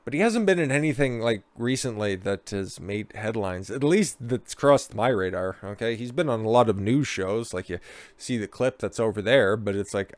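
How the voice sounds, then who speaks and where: A man's voice: medium pitch, smooth, no room sound. Sarcastic, foul-mouthed male commentator. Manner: mocking, sarcastic and profane, with frequent asides. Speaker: political commentator. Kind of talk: sarcastic commentary on news clips.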